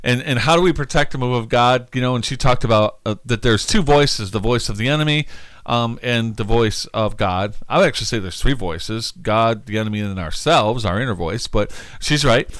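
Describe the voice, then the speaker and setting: A man's voice: medium pitch, a little fast, a bit bright, no room sound. A man, a pastor co-hosting a church talk show, chatting casually and enthusiastically and laughing easily. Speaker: pastor and co-host.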